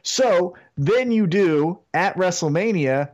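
A man's voice: high-pitched, expressive, slow, darkish tone, muffled recording. A man co-hosting a wrestling podcast, ranting animatedly with plenty of swearing in casual chat. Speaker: podcast co-host.

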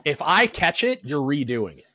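A man's voice: on the high side, big pitch swings, normal speed, bright, forceful tone, no echo. A man in his thirties, a podcast guest, telling work stories in casual chat with lots of fillers and swearing. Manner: blunt, profane, storytelling with lots of fillers.

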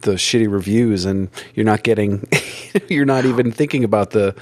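Male podcast host, casual and wandering questions, lower voice, close dry sound. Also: moderate pace, a little mellow, no room sound. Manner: rambling, stacks several questions at once. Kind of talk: casual interview chat.

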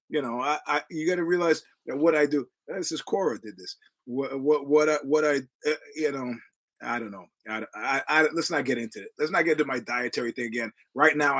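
A man's voice: medium pitch, fairly quick, fairly bright tone, poor audio. A middle-aged American man hosting a podcast, rambling through stories with restarts, quoted voices and wry profanity. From United States. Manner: digressive storytelling with many restarts and quoted voices. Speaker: podcast host. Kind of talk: casual rambling monologue.

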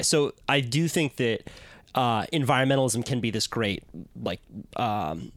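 Podcast host, man, mid-pitched, chatty, thinking aloud, dry booth sound. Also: unhurried, no echo. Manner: conversational, uses many fillers while explaining. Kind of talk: casual chat. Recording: dry close-mic sound.

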